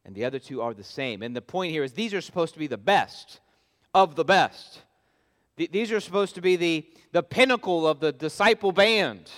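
A man's voice: on the high side, expressive, normal speed, a bit bright. A pastor preaching an expository sermon, earnest and emphatic as he stresses his key points. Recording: long reverb of a large hall.

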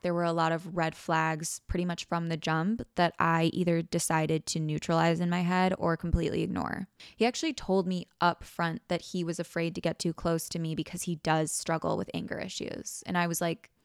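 A woman's voice: lowish voice, little pitch movement, moderate pace, clear, resonant tone, no echo, studio quality. A young woman hosting a podcast, telling a personal story frankly and vividly, acting out quoted lines and swearing casually. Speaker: podcast host.

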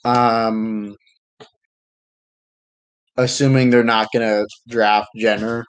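A man chatting casually about a sports league, hesitant and unhurried, with frequent ums and restarts. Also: on the low side, level tone, clear, resonant tone, rough recording.

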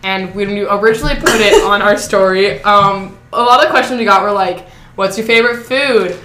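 A young woman co-hosts a casual podcast, rambling through stories full of fillers and quick giggles. Her voice is bright and clear. It sits in an echoey room with a faint hiss behind it. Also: medium pitch. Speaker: podcast co-host. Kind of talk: casual chat.

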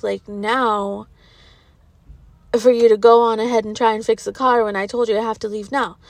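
A woman's voice: fairly high pitch, no echo. A woman in her thirties telling a candid, profane, rambling story to her viewers in casual vlog style. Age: 30s. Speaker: social media creator.

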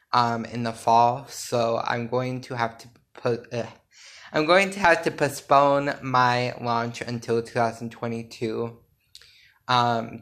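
A man's voice: medium pitch, a bit bright. Sleepy man giving a rambling update. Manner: rambling, filler-heavy, self-correcting. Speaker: podcast host and small business owner. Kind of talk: casual solo podcast update.

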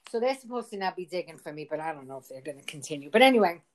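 A woman's voice: on the low side, expressive, racing. A woman in casual conversation, retelling a frustrating ordeal in a rambling, exasperated way, quoting what others said. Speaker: storyteller. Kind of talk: casual phone chat.

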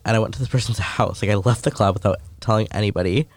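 Young man, gravelly voice, lowish pitch, crude joking casual chat. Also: fast, no echo. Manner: crude, joking, frank about sex. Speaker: co-host.

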